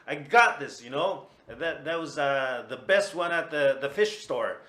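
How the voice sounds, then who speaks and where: A man voicing a loud, excitable man who stammers and shouts as he scolds a friend. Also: medium pitch, measured pace. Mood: excited.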